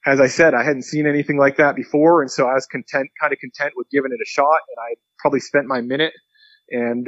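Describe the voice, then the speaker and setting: A man's voice: mid-range voice, no echo. Man, pastor, earnest storyteller, acts out quotes, dry close sound, slightly dull audio. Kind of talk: podcast interview storytelling.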